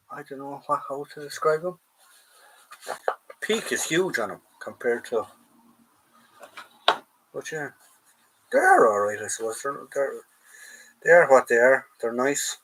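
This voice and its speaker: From his home in Ireland, a man hosting a live collectibles stream goes through a drawer and rambles casually to viewers he calls lads. He has an Irish accent and a mid-range voice, with noise in the background.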